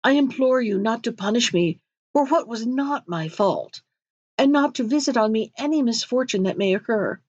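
A humble foreign merchant pleads in polite, courtly phrases in this storybook tale, voiced lightly by a woman reader. The voice sits fairly high. The recording is dry and a little dull. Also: animated, moderate pace, a little mellow, no echo. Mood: imploring.

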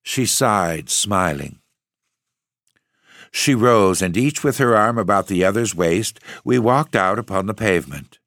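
Deep-voiced male storyteller, measured. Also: lively intonation, a bit bright, no echo, studio quality. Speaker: narrator, podcast host. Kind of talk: gothic audiobook reading.

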